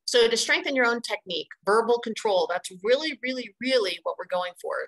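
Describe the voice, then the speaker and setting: A middle-aged woman gives an instructional training webinar on dog playgroups, energetic and chatty, repeating words to stress her points. Her voice is fairly high and fairly quick, and the audio quality is poor.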